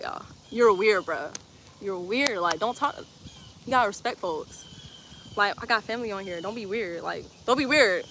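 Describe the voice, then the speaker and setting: Playful, bright-voiced woman streaming outdoors. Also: mid-range voice, lively intonation, moderate pace, slight background noise. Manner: playful, teasing, laughs often, repeats phrases. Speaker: livestreamer reading chat comments. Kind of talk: casual livestream chat. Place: outdoors in sunlight.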